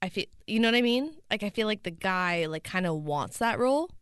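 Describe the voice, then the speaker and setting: A woman's voice: medium pitch, lively intonation, a little fast, fairly bright tone, smooth, no room sound, studio quality. A woman in her twenties with a slight lisp, co-hosting a casual chat podcast in a playful, teasing way. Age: 20s. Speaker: podcast co-host.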